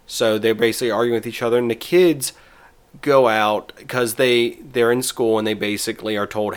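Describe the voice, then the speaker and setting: A man's voice: mid-range voice, fairly even intonation, moderate pace, clear, resonant tone. Chatty man recapping an episode. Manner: rambling, with restarts and acted-out quotes. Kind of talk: casual chat, recapping a TV episode.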